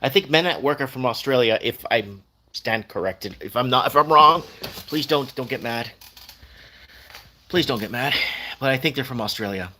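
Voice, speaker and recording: A man's voice: mid-range voice, animated, moderate pace, sharp tone. A man hosting a casual livestream, chatting loosely and reading viewer comments aloud.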